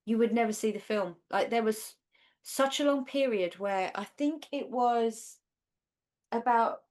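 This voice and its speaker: A woman's voice: on the high side, a little slow, darkish tone. Woman co-host, northern English, loose rambling chat about old films. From Northern England. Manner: rambling, conversational, many fillers. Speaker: podcast co-host. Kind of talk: casual chat.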